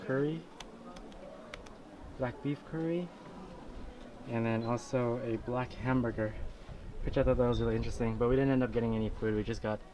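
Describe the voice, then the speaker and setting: A man chatting casually on a travel vlog, laughing often and stopping for fillers, filmed outdoors on a handheld camera. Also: mid-range voice. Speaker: travel vlogger. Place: outdoors in busy tourist spots. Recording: loud outdoor crowd and street noise.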